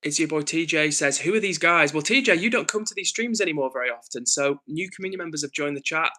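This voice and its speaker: A man hosts a casual livestream, reading his chat aloud and answering it in an earnest, thinking-aloud way. His voice sits a little high and sounds bright and forward. He often pauses with ums and restarts his sentences. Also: rough recording. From north of England. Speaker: livestream host.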